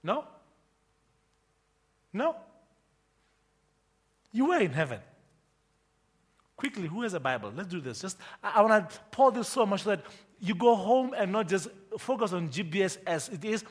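A man pastor preaching a sermon, emphatic and forceful, constantly quizzing the congregation with repeated questions. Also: high voice, big pitch swings, normal speed, long pauses, breathy edge.

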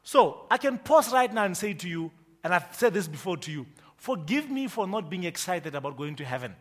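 A man pastor preaching a sermon, emphatic and forceful, constantly quizzing the congregation with repeated questions. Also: sits high, sing-song, fairly quick.

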